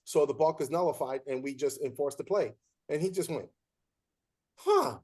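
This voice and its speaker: A man's voice: fairly high pitch, fairly quick. A man hosting a casual chat about umpiring, telling stories and acting out the voices of players and coaches. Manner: animated storyteller, acts out quotes. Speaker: podcast host.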